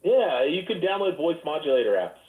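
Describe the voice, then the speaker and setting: A man's voice: fairly high pitch, big pitch swings, fairly quick. A man in a heated, profane voice-room chat, rambling and arguing. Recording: tinny phone-like audio, roomy echo.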